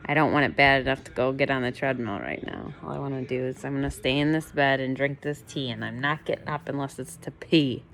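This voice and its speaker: A woman's voice: a bass voice, a little fast, vocal fry, few pauses, fairly bright tone. A woman in her late thirties talking candidly in a casual home vlog, venting her frustration. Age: late 30s. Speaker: fasting vlogger. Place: at home, in bed.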